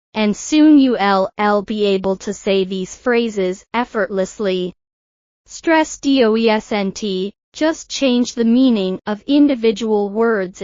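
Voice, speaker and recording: A woman teaching English pronunciation in a scripted lesson, slowly and carefully modelling words for learners to repeat. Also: a little high, no echo, lo-fi sound.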